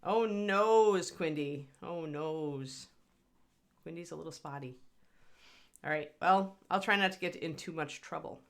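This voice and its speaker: A woman's voice: deep voice, normal speed, vocal fry, fairly bright tone. A woman hosting a casual livestream painting tutorial from home, chatty and rambling, laughing often. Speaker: host and miniature painting instructor.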